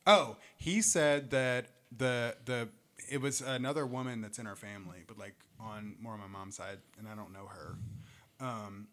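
A man's voice: mid-range voice, steady tone, normal speed. A young man in casual chat, telling rambling stories and laughing them off. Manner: rambling storyteller, laughs through dark stories.

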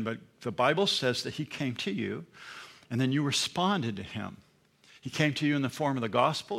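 A man's voice: on the high side, vocal fry, fairly bright tone. A man preaching a sermon in a church, emphatic and asking the congregation questions. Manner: emphatic, with call-and-response questions. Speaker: pastor.

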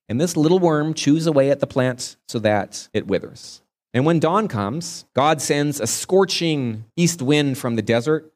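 A man preaching a sermon as a pastor, retelling a scripture story earnestly and stretching key words for emphasis. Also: mid-range voice.

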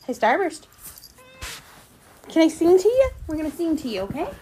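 A woman talks to her pet cat in soft, coaxing baby talk, her very high voice rising and falling all the time. She takes her time, drawing out each question in a sing-song way. A faint hiss of noise sits under her voice. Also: very animated, normal speed. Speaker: pet owner and podcast host.

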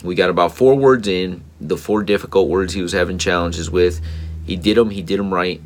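A man's voice: deep voice, brisk. A man in his thirties, a tired father telling a personal story in a casual, earnest, reflective way with frequent fillers and restarts. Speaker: father vlogger.

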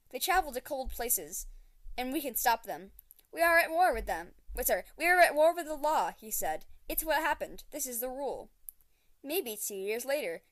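A young woman with a high voice hosts a home podcast, recorded close and dry. She reads a garbled story with theatrical emphasis, and in chat she trails off with fillers and restarts. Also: no room sound. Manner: dramatic reading with quoted lines in raised voice. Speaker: podcast host. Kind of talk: reading a garbled translated story aloud.

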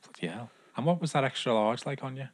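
A young man co-hosting a podcast chats casually in a medium-pitched voice, talking fast. He rambles, jokes at his own expense, and fills his speech with fillers.

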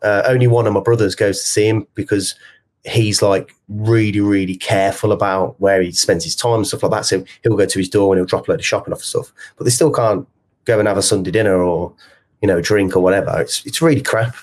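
A man's voice: fairly low pitch, steady tone, a little fast, darkish tone. A man co-hosting a podcast in casual chat, speaking frankly and heartfelt, scattering "like" and the odd swear word. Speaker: podcast co-host, company co-founder.

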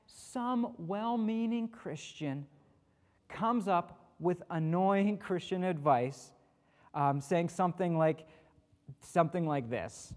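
A man's voice: high-pitched, unhurried, darkish tone. A man preaching a conversational sermon as pastor, acting out the people he quotes, with touches of self-deprecating humor. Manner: casual, acts out quoted speakers.

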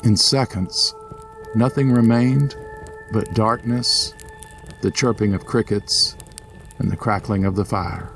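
A man reads a scripted ghost story aloud in an even, steady manner. His voice sits on the low side, and he keeps a calm storytelling pace. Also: slow, vocal fry, long pauses, faint music behind. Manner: steady storyteller, voices characters with lifted pitch. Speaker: narrator and host. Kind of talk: scripted audio story narration.

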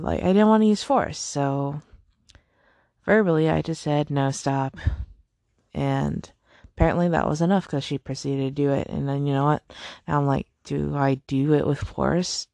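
Young woman, vocal fry, dry close mic, chatty, frustrated rant. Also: sits low, a little mellow, no room sound. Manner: chatty, lots of "like", sighs and laughs, frustrated. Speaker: podcast host. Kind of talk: casual personal rant.

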